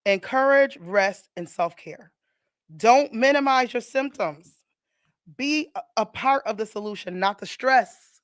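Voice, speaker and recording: A woman hosts a radio show in casual chat with a Southern US accent, her voice sitting fairly high. She talks emotionally and laughs easily. The sound is close and dry. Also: lively intonation, a little slow, no room sound.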